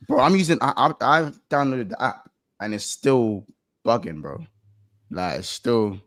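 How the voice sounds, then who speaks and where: A young London man hosts a football chat in quick, slangy banter, tripping over his own restarts. His voice sits mid-pitch and the sound is close and dry, with little room around it. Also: animated, fairly bright tone, dry recording. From England. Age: young adult. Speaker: football podcast host. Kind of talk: casual chat.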